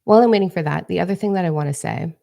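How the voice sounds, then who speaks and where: A woman's voice: fairly low pitch, very fast, creaky, dark tone. A woman livestreaming from her phone as a spiritual coach, brash, profane and emphatic. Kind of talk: livestream talk to viewers.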